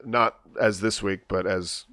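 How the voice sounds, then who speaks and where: A man's voice: fairly low pitch, steady tone, a little slow, sharp tone, dry recording, studio quality. A man hosting a casual live show, chatty and easygoing, with frequent fillers and laughs. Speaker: podcast host. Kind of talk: casual chat.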